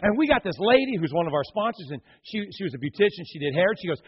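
A middle-aged man preaching a sermon, telling stories dramatically and swinging from hushed tones to loud, fervent appeals. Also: sits high, lively intonation, rapid-fire, few pauses, husky. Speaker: pastor. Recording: dull lo-fi recording.

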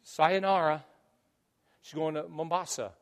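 A man's voice: on the high side, fairly even intonation, measured pace, big-room sound. A man preaching a sermon as pastor, telling stories animatedly and acting out both sides of conversations. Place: church sanctuary.

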